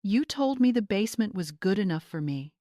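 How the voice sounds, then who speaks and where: Woman voicing seventies matriarch, calm clipped authority, mid-pitched, dry. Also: fairly quick, dry recording, lightly acted. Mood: cool. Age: 70s. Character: older woman, commanding retired homeowner.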